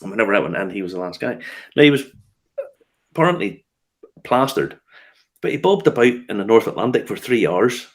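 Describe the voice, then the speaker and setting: On his laid-back whiskey news show, the host is a chatty storyteller who laughs a lot and keeps restarting and using fillers. He speaks a little fast in a lowish voice with lively intonation, broken by long pauses.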